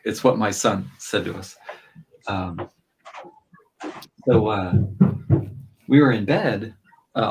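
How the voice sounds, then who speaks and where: A man's voice: fairly low pitch, creaky, slight background noise, rough recording. A father on a streamed podcast, telling a family story in a loose, rambling way full of fillers. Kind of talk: casual chat while streaming.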